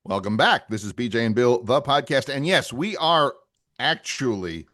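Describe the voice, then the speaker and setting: A man co-hosting a casual podcast, talking in a relaxed way with frequent fillers and restarts. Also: medium pitch, normal speed. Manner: relaxed, hesitant with many fillers. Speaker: podcast co-host. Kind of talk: casual chat.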